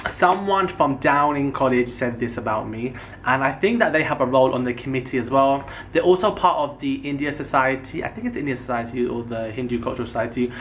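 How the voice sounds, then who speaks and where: This is a man in his twenties with a mid-range voice, casually telling stories to camera as a YouTuber. He's animated and acts out the lines of the people in his stories, and there's a little hiss or hum on the recording.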